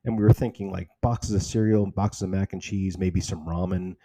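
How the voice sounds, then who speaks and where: Gravelly, deep-voiced man telling a story. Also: fairly even intonation, moderate pace, dark tone, no room sound. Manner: earnest, conversational, emotional. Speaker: charity founder telling its story. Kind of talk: personal storytelling talk.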